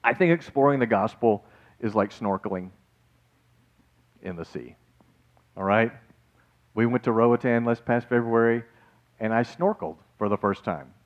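A man preaching a sermon as a pastor, lively and joking, with asides and acted-out quotes. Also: mid-range voice, dull audio.

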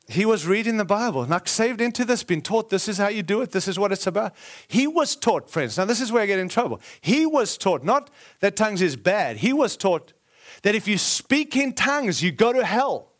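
A man with a high voice delivers a sermon as a lively story. He acts out quoted lines and often breaks off to correct himself or add an aside. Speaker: preacher.

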